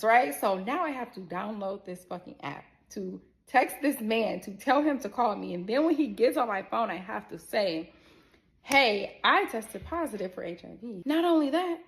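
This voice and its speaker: A young adult woman telling a personal story in a casual, animated way, blunt and swearing, talking straight to her viewers. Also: medium pitch, vocal fry. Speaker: storyteller vlogger.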